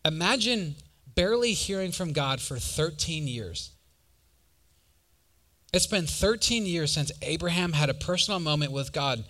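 A young man preaching in a church, his voice bright and forward, sitting a little high for a man. He slips from scripture into lively stories and keeps asking the crowd for a show of hands. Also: unhurried. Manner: conversational, animated storytelling with audience questions. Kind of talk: sermon.

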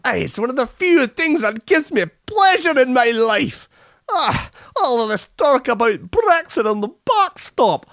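A man's voice: big pitch swings, measured pace, fairly bright tone, dry recording, clean studio sound, exaggerated voice. Man putting on a whiny Scottish dad. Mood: indignant whining. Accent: Scottish, put on badly. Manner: exaggerated, high, whiny complaining. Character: grumpy Scottish dad who loves smacking his kid.

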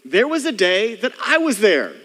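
A man's voice: sits high, huge pitch swings, moderate pace, a bit bright. A man preaching a conversational sermon as pastor, often slipping into the voices of churchgoers to show what they think. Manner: conversational preaching, mimics churchgoers' inner thoughts. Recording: long hall reverb.

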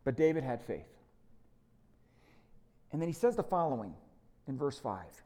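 Male pastor, mid-pitched voice, storytelling sermon delivery that moves from animated to hushed. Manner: storytelling, lively and emphatic, slows to quiet reflection. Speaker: lead pastor.

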